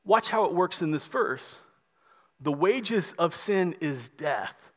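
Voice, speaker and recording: A man preaching a sermon as pastor, emphatic and repetitive, dropping soft on key words. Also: on the high side, animated, slow, long reverb tail.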